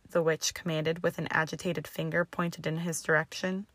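A woman reading fan fiction aloud in steady storytelling narration. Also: low-pitched, normal speed, gravelly, hardly any pauses, dry recording. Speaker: audiobook reader. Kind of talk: fanfiction read aloud. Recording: dry close recording.

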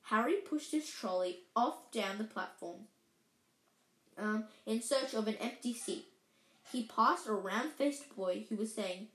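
A woman reading a storybook aloud, halting and correcting herself as she goes. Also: on the high side, animated, a bit bright. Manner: halting, with slips and self-corrections. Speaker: reader. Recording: echoey room.

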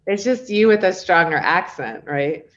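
A woman's voice: fairly low pitch, expressive, normal speed, fairly bright tone, muffled recording. Bubbly woman podcast host. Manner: bubbly, laughs often. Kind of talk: podcast hosting, interview.

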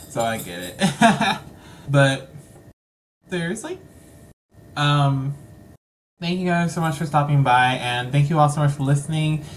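Low-voiced chatty woman podcast host. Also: expressive, slow pace, pauses often, a little hiss or hum. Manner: rambling, playful, many fillers. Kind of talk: casual sign-off chat.

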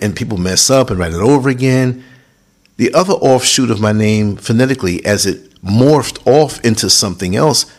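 A man hosting a podcast, talking through a reflective monologue that grows animated when he recalls moments. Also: medium pitch. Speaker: podcast host. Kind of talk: casual monologue.

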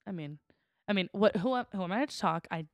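A young woman co-hosting a podcast, telling stories in a lively way and laughing often as she talks. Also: mid-range voice, a little fast, dry recording, clean studio sound. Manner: animated storyteller, laughs often. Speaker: podcast co-host. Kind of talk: casual chat.

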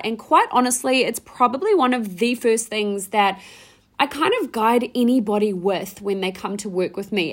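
Hyped young woman podcaster. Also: on the high side. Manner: hyped, slangy, swears casually. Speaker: podcast host and mindset coach. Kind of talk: energetic podcast monologue.

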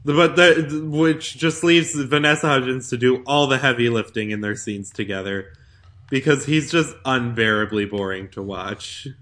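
A woman co-hosting a podcast, joking and animated in casual chat about a movie. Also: rumbling low, normal speed. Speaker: podcast co-host.

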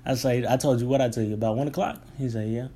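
A man's voice: medium pitch, quick pace. A young man, casually telling a long rambling story about his delivery job. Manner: rambling, restarts, relaxed colloquial. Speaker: delivery driver.

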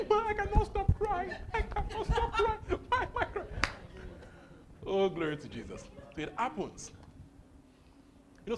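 Exuberant male preacher, high and animated delivery, laughs through his lines, faint room noise. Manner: exuberant, laughing often, repeating phrases. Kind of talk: charismatic sermon.

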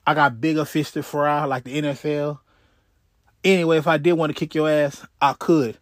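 A man's voice: fairly high pitch, flat delivery, moderate pace, dry recording, studio quality, pitched below the performer's own voice, close to an everyday voice. A man voicing a confident young star athlete who brushes off a challenge in a cool, dismissive way.

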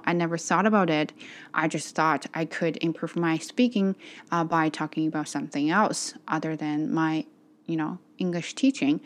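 A woman who teaches English, chatting casually to her vlog audience and pausing often with fillers. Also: fairly low pitch. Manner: hesitant, many fillers.

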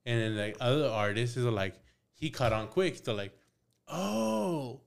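A man's voice: medium pitch, lively intonation, unhurried, vocal fry. A young man, a podcast guest, telling a story in casual talk, acting out both sides of the dialogue, swearing freely and dropping in Spanish phrases. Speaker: podcast guest, tattoo artist.

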